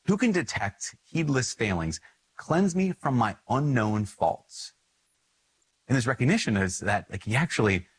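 A man's voice: on the low side, a bit bright, husky, poor audio. A man, a Catholic priest, giving an earnest, conversational homily full of asides. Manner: earnest, conversational, with asides and acted-out inner voices.

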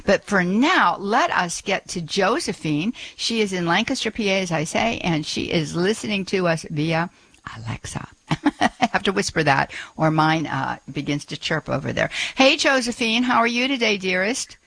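A woman hosts a live call-in radio show from a studio, chatty and easygoing, with plenty of "uh"s as she talks. The sound is dry and close, with no room around her voice. Her pitch sits in a middle range. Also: expressive, normal speed, dry recording. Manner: warm, chatty, with frequent fillers. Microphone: studio microphone.

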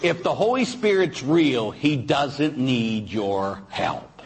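A man's voice: medium pitch, lively intonation, takes it slowly, a little hiss or hum. A man who is a Catholic priest, preaching a sermon through chatty personal stories and often tagging his sentences with "huh?". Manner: chatty storyteller, tags lines with "huh?"; acts out voices of people in his stories.

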